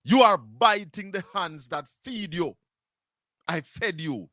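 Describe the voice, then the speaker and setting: Emphatic Jamaican man preaching slowly. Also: high-pitched, lively intonation, bright, forceful tone, no echo, studio quality. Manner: preachy and emphatic, quoting scripture. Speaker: show host. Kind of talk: impassioned livestream monologue.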